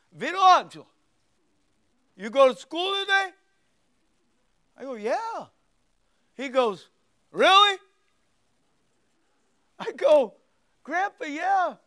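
A pastor in his sixties with a high voice tells a folksy story in his sermon, acting out its voices. He then rises into forceful preaching on scripture.

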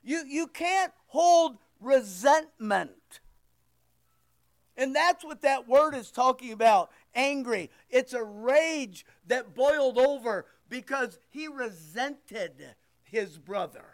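A man's voice: extremely high pitch, expressive, slow. A man preaching a sermon, talking to his congregation in an emphatic, conversational way full of rhetorical questions. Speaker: pastor.

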